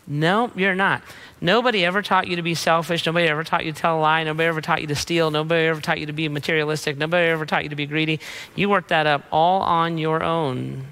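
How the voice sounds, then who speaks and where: A man's voice: on the high side, steady tone, brisk, sharp tone. A man preaching a sermon in a punchy, emphatic way, mixing in casual slang. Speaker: pastor.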